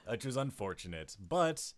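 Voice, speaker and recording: A man running a tabletop game as game master, chatting casually and laughing often at his own slips. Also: medium pitch. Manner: laughs often, self-mocking, animated.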